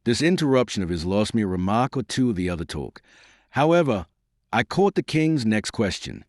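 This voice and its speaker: A man narrating a historical novel as an audiobook, in a measured, expressive reading on a close mic. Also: fairly low pitch, no room sound. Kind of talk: storybook narration.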